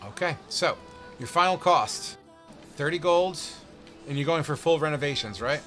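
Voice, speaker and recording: A man's voice: fairly high pitch, normal speed, a bit bright. A man running a tabletop role-playing game as game master, talking casually, swearing now and then and thinking aloud over numbers, with faint music behind him.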